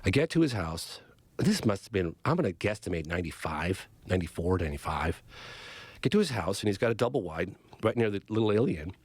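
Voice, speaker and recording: Man, middle-aged, podcast guest, animated storyteller, lively pitch, dry studio sound. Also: brisk, slightly rough, no echo. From Northern California. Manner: vivid, excited retelling with acted-out quotes. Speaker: podcast guest, documentary filmmaker. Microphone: studio podcast mic.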